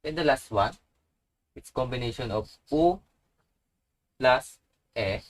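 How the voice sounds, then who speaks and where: Slow-paced man teaching letter sounds. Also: mid-range voice, lively intonation, rough recording. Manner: slow, repeats each sound with example words. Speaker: language teacher. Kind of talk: slow instructional tutorial.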